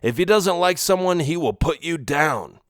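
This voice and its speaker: A stern gangster father warns in a firm, raised voice, as a male narrator puts him on in a children's storybook reading. The delivery is lively in pitch, and the recording is dry. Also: normal speed, no room sound. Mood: warning. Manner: warning, firm.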